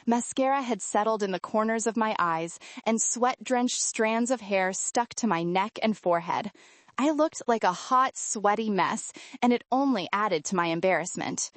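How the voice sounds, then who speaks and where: A woman narrating a first-person romance audiobook in an expressive, emotive way. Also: mid-range voice, moderate pace, no room sound.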